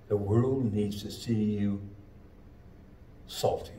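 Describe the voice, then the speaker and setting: A man preaching a sermon as pastor, with slow, emphatic delivery and drawn-out phrases. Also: lowish voice, darkish tone, slight background noise. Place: church sanctuary. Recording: echoey church room, mic at a distance.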